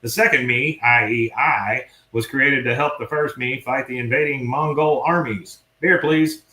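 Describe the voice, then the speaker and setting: A man's voice: mid-range voice, steady tone, unhurried, pushed and bright, echoey room, rough recording. A man doing a rambling conspiracy-theorist neighbor. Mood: deadpan.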